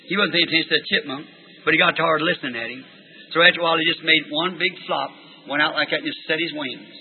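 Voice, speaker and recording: High-voiced preacher on tinny tape. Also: male voice, fairly even intonation, racing, husky. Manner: folksy storytelling, bursts into shouted praise. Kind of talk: sermon. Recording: tinny lo-fi tape recording with faint hiss.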